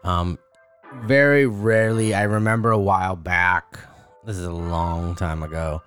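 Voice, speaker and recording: A man in casual podcast chat, recounting a dream in a relaxed, hesitant way and swearing casually. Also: low voice, unhurried, smooth, faint music behind.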